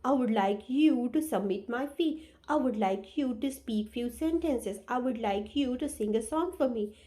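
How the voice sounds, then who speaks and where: A woman's voice: fairly high pitch, normal speed, mellow. Patient woman teaching spoken English. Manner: patient, repeats example phrases. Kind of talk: demo English lesson.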